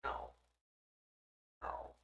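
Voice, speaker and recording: A woman's voice: extremely slow, bright, forceful tone, roomy sound, dull audio. A young woman streaming live, chatting casually and swearing freely as she laughs at herself.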